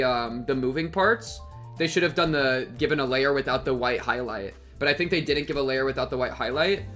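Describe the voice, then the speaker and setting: A young man streaming live, commenting on a game in an excitable, rambling way, with many fillers. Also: medium pitch.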